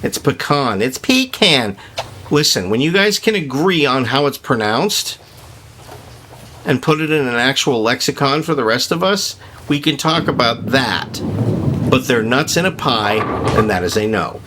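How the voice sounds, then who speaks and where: A man's voice: mid-range voice, animated, normal speed, noisy background. A man giving rambling, opinionated commentary while playing a video game, joking as he goes. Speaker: gaming video host. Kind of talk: casual gameplay commentary.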